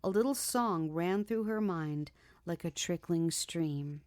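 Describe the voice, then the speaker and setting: Woman reading an audiobook, fairly low voice, steady and expressive. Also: takes it slowly. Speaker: audiobook narrator. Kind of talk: audiobook narration.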